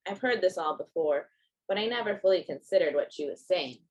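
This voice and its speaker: Woman author, reading own prose aloud, measured narration, lowish voice. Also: animated, a little mellow, low-quality recording. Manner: measured, first-person narrating.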